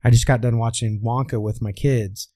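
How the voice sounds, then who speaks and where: Speaking at a moderate pace in a warm, mid-range voice with fairly even intonation, a Midwestern voice coach explains as an interview guest. He takes a teacherly approach, raising rhetorical questions and then answering them. There's no echo.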